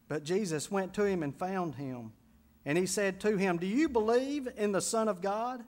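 A man's voice: high-pitched, normal speed, darkish tone. A man preaching a sermon as pastor, building to emphatic, rising intensity on key phrases.

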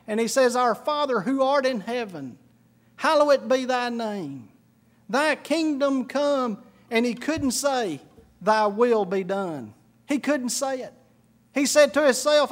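A middle-aged man preaching a sermon, telling stories and swinging from hushed to shouting. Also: very high voice. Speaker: pastor.

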